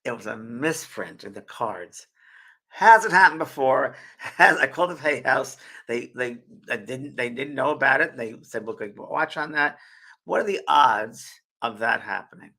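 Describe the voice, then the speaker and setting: Middle-aged guy hosting a spiritual live stream, gravelly and kinda husky, chatty, gets teary. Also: mid-range voice, animated, moderate pace, bright, forceful tone, low-quality recording. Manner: chatty storyteller, gets emotional and tearful. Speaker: spiritual medium and show host. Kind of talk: casual live-stream talk.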